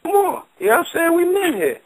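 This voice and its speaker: Man, battle rapper, high voice, taunting, laid-back, mocking. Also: huge pitch swings, fast talker, no room sound, rough recording. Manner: taunting, laid-back, keeps saying "you know". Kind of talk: heated radio argument.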